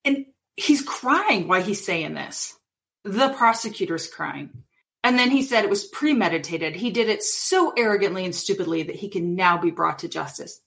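A woman's voice: mid-range voice, moderate pace, vocal fry. A woman in her thirties or forties co-hosting a casual true-crime podcast, retelling events and acting out quotes with animation. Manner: animated storytelling, acts out quotes. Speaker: podcast co-host.

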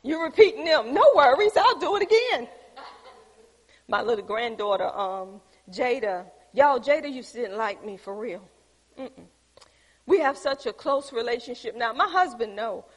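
Older woman, sermon, lively storytelling, high voice, long echo of a church hall. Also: normal speed, breathy edge. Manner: lively storytelling, acting out quoted voices, chuckling often. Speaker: preacher. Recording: echoey hall.

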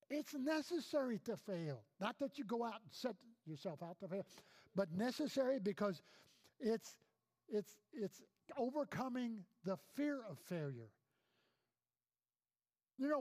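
A male pastor preaching a sermon in a noticeably high voice. He drives points home by repeating phrases and weaves in personal stories. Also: a little mellow. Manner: emphatic preaching with repeated phrases and storytelling asides.

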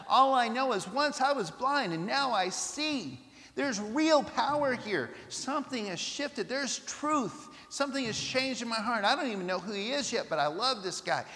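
Guy preaching a sermon, kinda high voice, lots of hall echo, acts out little quotes. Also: sharp tone.

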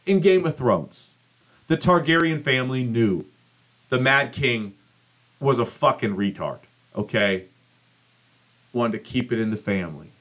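A man's voice: medium pitch, animated, a little slow, pauses often, a bit bright. Profane ranting male podcast host. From United States. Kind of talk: casual political commentary.

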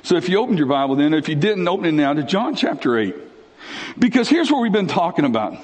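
High-voiced male pastor preaching in a hall. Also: big pitch swings, quick pace, darkish tone. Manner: conversational and dramatic, sweeping up and down in pitch, slangy. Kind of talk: sermon.

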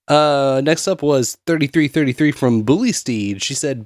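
A man's voice: mid-range voice, measured pace, a little mellow, no room sound, studio quality. A man co-hosting a casual livestream chat, reading out donations and joking along.

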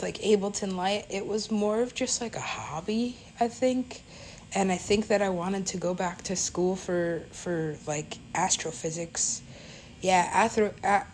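A woman's voice: on the low side, a little mellow, a little hiss or hum, poor audio. A woman DJ telling a story in a casual, rambling way, full of fillers and swearing.

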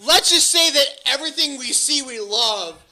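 Bright, high-voiced ranting man. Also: lively intonation, normal speed. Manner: exasperated, ranting, swings from mutters to shouts. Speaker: podcast co-host. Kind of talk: casual profane watch-along commentary.

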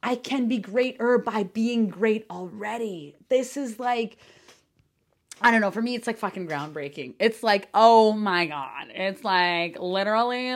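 A woman hosting a solo podcast as a coach, talking effusively with lots of fillers and casual swearing, sometimes near shouting with excitement. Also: mid-range voice, a little slow.

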